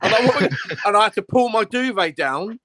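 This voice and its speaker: A man's voice: high-pitched, expressive, normal speed, bright, forceful tone, no room sound. A man telling a crude, laughing story in casual chat.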